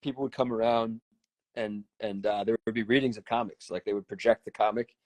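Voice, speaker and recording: A man hosting a casual chat, talking in an animated, profane, rambling way full of fillers. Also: on the low side, fairly quick, no echo. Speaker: host.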